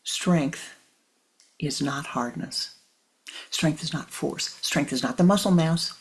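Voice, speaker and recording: A spiritual teacher gives a meditative talk in a gravelly, deeply husky voice of middle pitch. The delivery is slow and deliberate, with phrases repeated for weight. Often the voice sinks to a breathy near-whisper. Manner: addresses listeners tenderly as "my beloved".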